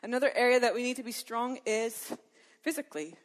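A woman's voice: on the high side, a little fast. A middle-aged woman telling a personal faith story in a sermon-like talk, acting out her own thoughts and laughing often. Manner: lively storyteller who acts out her own inner dialogue and laughs often. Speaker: Christian women's speaker.

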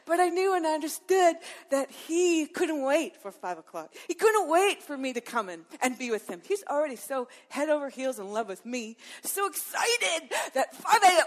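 A woman's voice: sits high, brisk. A middle-aged woman telling a personal faith story in a sermon-like talk, acting out her own thoughts and laughing often. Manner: lively storyteller who acts out her own inner dialogue and laughs often. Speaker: Christian women's speaker.

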